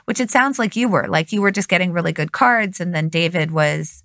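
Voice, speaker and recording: A woman with a lower voice walks through poker strategy step by step, methodical and analytical. The sound is dry and close, with no room around her. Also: a little fast, a bit bright, dry recording. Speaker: poker expert guest. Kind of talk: explanatory conversation.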